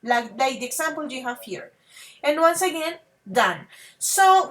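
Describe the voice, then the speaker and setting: Woman, English teacher, affectionate, halting restarts, crisp bright tone. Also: high-pitched, sing-song. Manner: affectionate, calls students babies and dears; repeats okay and halting restarts. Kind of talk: grammar lesson to students.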